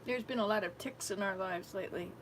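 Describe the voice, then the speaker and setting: An older woman serving as a missionary, telling a family story in a rambling, animated way and acting out the dialogue. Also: mid-range voice, fast talker, noisy background. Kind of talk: casual storytelling vlog.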